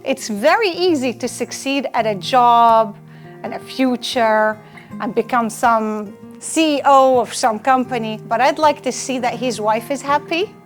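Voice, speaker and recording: A woman's voice: fairly high pitch, measured pace. A woman delivers a live lecture to students in a slightly raised voice. She is earnest and insistent and comes back to the same point again and again. Faint music sits in the background. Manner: earnest, emphatic, repeats key points. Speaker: lecturer on personal well-being.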